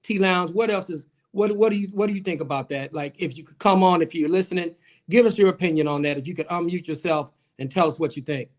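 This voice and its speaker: A man who works as an attorney, hosting a live panel talk, animated and repeating himself as he calls on guests. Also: a little high, quick pace. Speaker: host, attorney.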